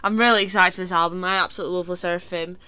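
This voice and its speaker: A woman co-hosting a casual podcast chat, gushing and excitable as she talks about her favourite acts. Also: on the low side, very fast, smooth, no room sound. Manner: gushing and excitable fan talk. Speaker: podcast co-host.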